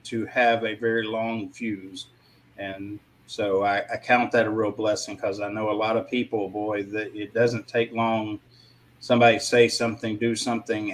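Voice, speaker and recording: A man in a casual panel discussion, speaking in a reflective way with frequent pauses. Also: lowish voice, rough recording.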